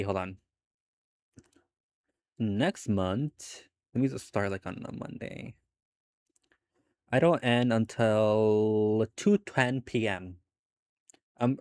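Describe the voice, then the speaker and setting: Talking with his live audience from home, a young man in early adulthood keeps things relaxed, laughing often and cursing now and then. He has a lowish, darkish voice, recorded without echo.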